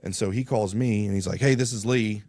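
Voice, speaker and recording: A man's voice: on the low side, fairly quick, darkish tone, no echo, clean studio sound. A man, a radio guest, telling a story in casual talk and acting out both sides of phone calls.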